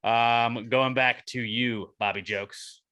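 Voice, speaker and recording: Bright-voiced podcast guy egging friends on. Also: medium pitch, fairly even intonation, slow, no echo. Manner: laughing, egging others on, swearing. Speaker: podcast co-host. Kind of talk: casual chat.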